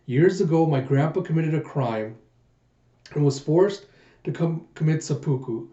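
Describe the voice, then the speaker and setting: A man's voice: on the high side, animated, a little slow, mellow. A man voicing a bitter, vengeful male usurper shogun with a resentful, brooding delivery, in a muffled echoey room recording.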